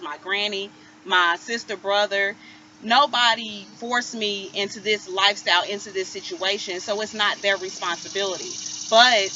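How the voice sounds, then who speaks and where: A woman's voice: mid-range voice, sharp tone. A woman in her thirties candidly telling her personal story as a vlogger, earnest and emotional. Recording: slightly muffled, faint hiss.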